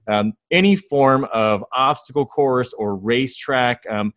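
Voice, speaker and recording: A man in his thirties, a guest in an interview, telling lively stories about his kids and acting out their quotes. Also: on the low side, no echo. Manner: enthusiastic storyteller, acts out quotes. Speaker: guest, fatherhood author and founder. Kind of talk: conversational interview storytelling.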